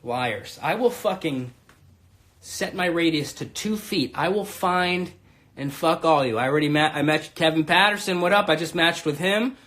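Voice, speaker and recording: A man in his thirties hosts a comedy live stream from his room, speaking in a high, bright voice. He is brash and crude, rambling between loud bursts and low mutters. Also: moderate pace. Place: home room.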